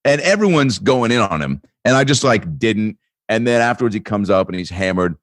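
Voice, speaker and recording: A man's voice: on the low side, lively intonation, fairly quick, no echo, clean studio sound. A man on a comedy podcast telling a long rambling story with lots of fillers and restarts, often breaking into laughter. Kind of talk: casual chat, storytelling.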